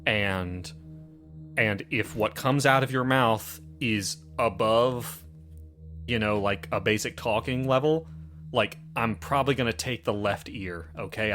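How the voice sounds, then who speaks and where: A man's voice: on the low side, fairly bright tone. A man playing a tabletop horror game, talking casually in rambling, filler-heavy bursts and laughing often. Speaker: player. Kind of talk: casual in-character tabletop play.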